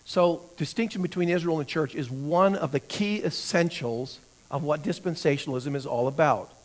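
A man's voice: on the high side, moderate pace. A man teaching a church Bible class, who asks the class questions, answers them himself and often repeats words while he thinks.

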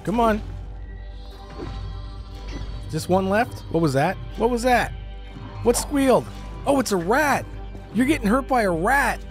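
A man narrating and reacting live as a gaming YouTuber, excitable and quick to cry out in alarm. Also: high-pitched, faint music behind. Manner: excitable, lots of startled exclamations. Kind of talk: let's-play commentary with narration.

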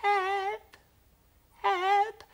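A man's voice: very high voice, monotone, very slow, a bit bright, voice pushed up, heavily acted. An Irish man voicing a small, frightened six-armed alien child who cries out in a trembling voice in a children's TV story. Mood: panicked. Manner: trembling, crying out.

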